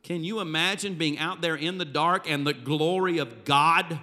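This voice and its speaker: A pastor delivers his sermon with animated, dramatic storytelling, his high voice carrying a bright, forceful edge. His words ring through a large church hall with a long, trailing reverb. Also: normal speed.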